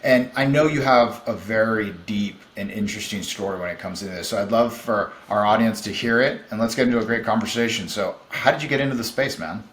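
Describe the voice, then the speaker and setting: Upbeat lower-voiced man in a roomy space. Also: a little fast, few pauses, a bit bright. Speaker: podcast host. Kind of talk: interview host introduction. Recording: echoey room.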